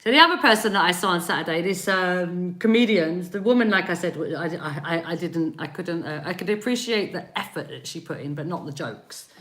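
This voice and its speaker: A spiritual reader and energy healer from East London, with the accent to match, chats on a live stream answering viewer comments. Her lowish voice is expressive, brisk and a bit bright with few pauses, as she rambles, laughs, and greets viewers by name.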